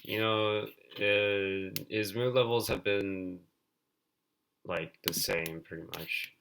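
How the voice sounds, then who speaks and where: A male streamer reads game text aloud and then rambles through his thoughts about it, padding every sentence with filler words. His voice sits low in pitch but has a bright, forceful edge to it. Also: fairly even intonation, takes it slowly, a little hiss or hum.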